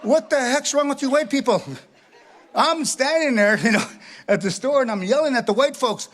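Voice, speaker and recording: A man's voice: very high-pitched, lively intonation, brisk. A middle-aged man performing a chatty, self-mocking stand-up comedy set, tagging his lines with "eh". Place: live stage before an audience.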